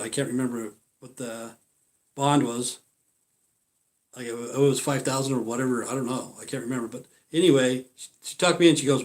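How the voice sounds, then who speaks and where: Brief: a man hosting a casual livestream, rambling and profane, middle pitch. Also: brisk. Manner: rambling, profane, talks to viewers. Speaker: livestream host.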